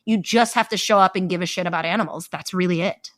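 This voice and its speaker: A woman's voice: on the low side, fast, fairly bright tone, no room sound, clean studio sound. A young adult woman telling her story as a podcast guest, candid and chatty with casual swearing. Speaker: guest, event founder.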